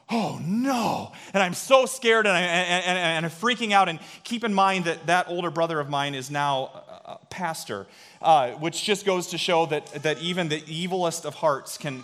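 A man telling a childhood story as part of a sermon, animated, dropping to a hush for quoted voices. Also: fairly high pitch. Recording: long hall reverb.

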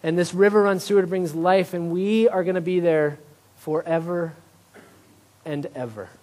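A high-voiced man with a darkish tone preaches at a moderate pace. His sermon feels like conversation, full of "right?" check-ins and self-deprecating humor.

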